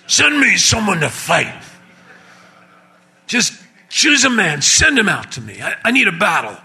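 A man putting on a loud, bombastic giant warrior. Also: high voice, very animated, measured pace, gravelly, breathy edge, voice pushed up, heavily acted. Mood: taunting.

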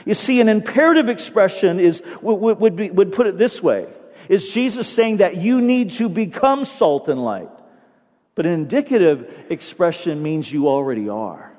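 A male pastor preaches to his congregation. His voice sits high for a man, and he drags out key phrases for emphasis. The sound rings with a long reverb, as in a large sanctuary. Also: animated, normal speed, a little mellow. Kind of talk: sermon. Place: church sanctuary.

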